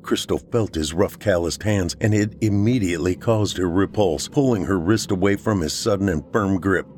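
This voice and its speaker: A man narrating a horror story for a podcast in a steady storytelling manner. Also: low-pitched, normal speed, a little hiss or hum.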